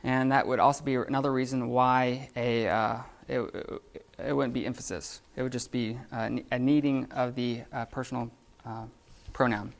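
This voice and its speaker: Gravelly man teaching a live class. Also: mid-range voice, fairly even intonation. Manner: halting, with many fillers and restarts. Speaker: Greek teacher.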